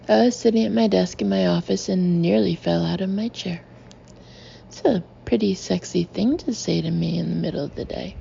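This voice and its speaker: A woman narrating her own memoir as an audiobook, with wry, deadpan humor. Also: on the low side, normal speed, creaky, muffled recording, slight background noise.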